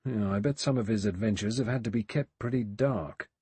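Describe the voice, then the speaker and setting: A man voicing a blunt, suspicious middle-aged male ex-inspector who talks gruffly and colloquially. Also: on the low side, fairly quick, dark tone, no echo.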